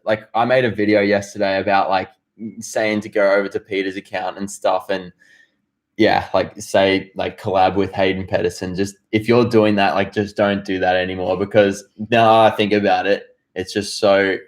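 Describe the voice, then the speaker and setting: A young man with a fairly low voice, talking on a late-night home live stream. He mixes playful banter with plain, earnest talk, picked up by a camera-mounted microphone in a quiet indoor room. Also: flat delivery, normal speed. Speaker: co-host. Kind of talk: casual live stream chat. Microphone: camera-mounted mic.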